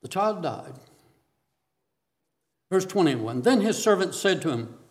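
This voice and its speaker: A man's voice: on the high side, lively intonation, unhurried, long pauses. A man preaching a sermon, reading scripture aloud and asking questions of his listeners.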